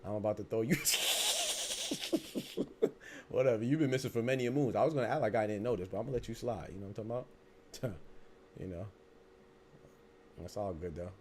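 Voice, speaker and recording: A man's voice: on the low side, a little fast, long pauses, background noise. A man hosting a live boxing podcast, reading chat comments and joking around with loose, profane mock anger and speech.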